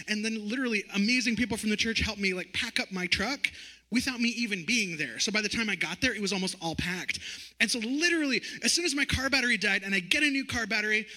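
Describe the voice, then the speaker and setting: A man in his thirties giving a personal testimony as a preacher, telling his story in an animated way and acting out the dialogue. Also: sits high. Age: 30s.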